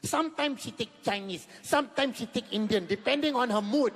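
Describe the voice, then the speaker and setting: A man in his fifties with a Malaysian accent, performing an animated stand-up comedy set and repeating words in rapid bursts. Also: very high voice. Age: 50s. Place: large venue with live audience. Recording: echoey hall with audience noise.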